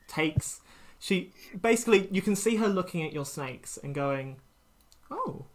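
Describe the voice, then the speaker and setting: A young adult game master narrating a tabletop game, relaxed and wordy, searching for words. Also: medium pitch.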